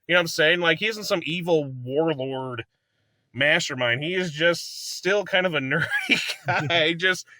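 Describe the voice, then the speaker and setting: Male reviewer, fairly high bright voice, rambling eager fan talk, dry close sound. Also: a little slow, no echo. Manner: rambling, enthusiastic, laughs often, acts out movie lines. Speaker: movie reviewer. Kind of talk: casual movie review chat.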